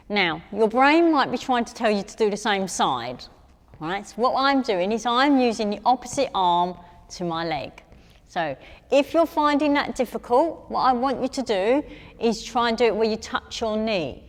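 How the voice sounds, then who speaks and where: An English woman instructing a gentle chair exercise class, encouraging and talking viewers through each move. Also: fairly high pitch, long reverb tail. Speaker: fitness instructor.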